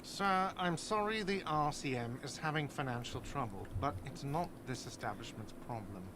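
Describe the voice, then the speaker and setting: A man's voice: medium pitch, moderate pace, fairly bright tone, lightly acted. A man voicing a curt, defensive bar manager in a video game. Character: grumpy, tight-fisted male hostel manager. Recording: game audio with noisy ambience.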